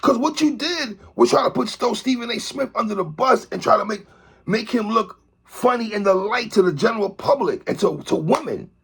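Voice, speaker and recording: A man delivering an animated opinion commentary monologue, calling out a TV host and repeatedly tacking on "sister, respectfully.". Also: sits high, creaky, slightly rough. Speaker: commentary vlogger.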